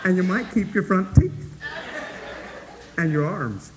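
A man preaching a sermon to his congregation, emphatic and folksy, swinging between hushed asides and loud, rising points. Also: sits high, very animated, a little slow, low-quality recording. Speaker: pastor.

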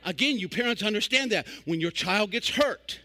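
Older male evangelist, high ringing voice, folksy and animated preaching. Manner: folksy, animated preaching with sudden loud bursts and quick asides. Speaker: traveling evangelist. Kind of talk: sermon.

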